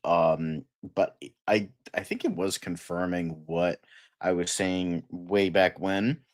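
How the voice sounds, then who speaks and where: A man's voice: low voice, fairly even intonation, slow. A man co-hosting a casual pop-culture podcast, rambling and joking with plenty of fillers. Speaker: podcast co-host.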